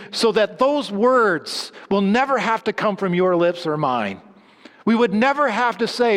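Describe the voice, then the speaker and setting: Guy preaching a sermon, bit high voice, lots of long hall echo, goes loud then drops real quiet. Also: expressive, normal speed. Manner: dramatic swings between loud emphatic lines and low hushed endings.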